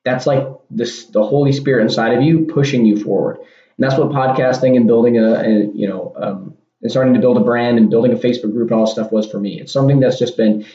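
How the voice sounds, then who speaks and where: A man's voice: mid-range voice, fast, warm tone. Rambling man in an echoey room. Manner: rambling, repeats words, restarts often. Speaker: podcast host. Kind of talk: casual solo podcast talk. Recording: dull lo-fi sound in an echoey room.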